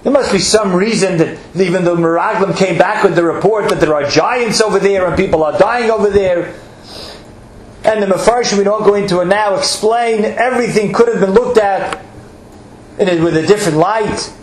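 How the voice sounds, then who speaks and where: Man, sermon, earnest, drawn-out emphasis, slightly high voice, echoey room, faint background hum. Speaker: rabbi.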